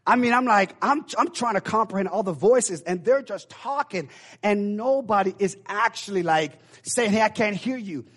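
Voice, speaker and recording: A male preacher with a slightly raised pitch tells a personal story from the pulpit. He circles back on himself, stacking restarts and repeated words. The delivery stays conversational as he builds toward his point. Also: animated, moderate pace, fairly bright tone. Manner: rambling storytelling with many restarts. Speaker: pastor. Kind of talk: sermon.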